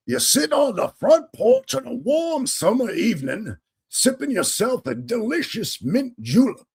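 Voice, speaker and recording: A man voicing a pompous old male Southern plantation colonel with a put-on American Southern drawl, slow, booming and florid. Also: sing-song, gravelly, breathy edge, full character voice. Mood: grandly pleased. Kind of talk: cartoonish impression.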